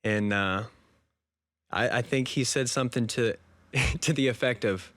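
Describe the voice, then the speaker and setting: A man's voice: mid-range voice, unhurried, fairly bright tone. A young man in his twenties telling an emotional personal story in a casual interview, laughing now and then. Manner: earnest and emotional, laughs often, says "dude" and "man". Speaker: podcast guest.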